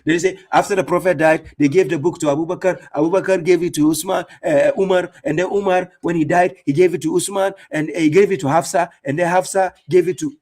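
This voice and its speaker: A man's voice: sits high, fairly even intonation, fairly quick, few pauses, a little mellow. A man giving fierce, mocking religious commentary as an Islamic debater and streamer, speaking with heavy emphasis.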